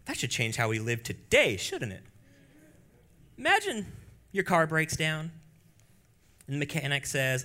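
A man preaching a church sermon with a bright, clear-edged voice. He drops into hushed, low stretches, then climbs into loud, high exclamations. The delivery stays lively and direct with the congregation. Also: measured pace, long pauses. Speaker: pastor.

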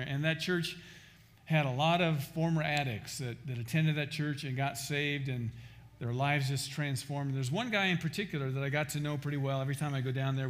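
A man preaching a sermon as pastor, emphatic, often restarting and repeating words. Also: a little high.

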